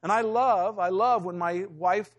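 A middle-aged male pastor with a high voice delivers a sermon in a relaxed, storytelling way. He often breaks into the voices of people from his anecdotes. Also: a little slow. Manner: conversational storytelling preacher, acting out quotes.

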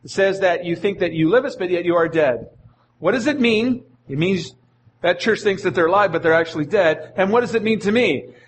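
A man's voice: high voice, brisk, a little hiss or hum. A male pastor preaching a sermon in an earnest manner, often repeating his phrases.

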